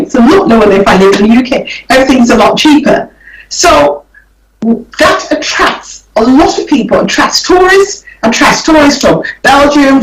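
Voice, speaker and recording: A woman's voice: on the high side, far from the mic. A woman guest on a radio show, explaining property investment in an easygoing way and often repeating words while she thinks. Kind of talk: radio interview. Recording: roomy sound from off the mic.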